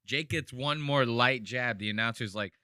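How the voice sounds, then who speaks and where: Animated profane man on a podcast. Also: moderate pace, clean tone, dry recording, studio quality. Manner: animated, profane, mimics people in high voices. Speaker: podcast host. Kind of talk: casual podcast commentary.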